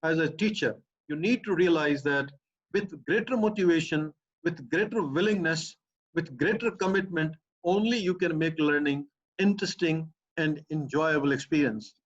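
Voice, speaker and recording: A man's voice: fairly high pitch, normal speed. A man with a Pakistani English accent, a professor explaining a point emphatically and piling up repeated phrases. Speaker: professor answering a student's questions. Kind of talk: explanatory academic talk. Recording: muffled lo-fi recording.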